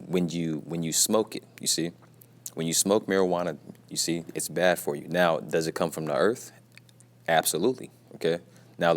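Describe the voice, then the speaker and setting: A man teaching a casual scripture lesson from his workplace, repeating himself and tagging his lines with "you see" and "man", and keeping his voice down at times. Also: low voice. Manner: repetitive, peppers talk with "man" and "you see"; speaks quietly at times, mindful of being at work.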